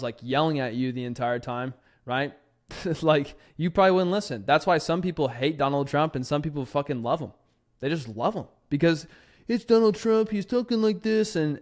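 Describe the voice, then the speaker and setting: A man casually giving copywriting advice to camera, chatty and loose, tagging his points with "right?" and dropping the odd curse word. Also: fairly high pitch. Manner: chatty, keeps adding "right?", swears casually. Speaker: copywriting creator giving tips. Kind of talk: casual talking-head advice video. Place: lives in Tennessee.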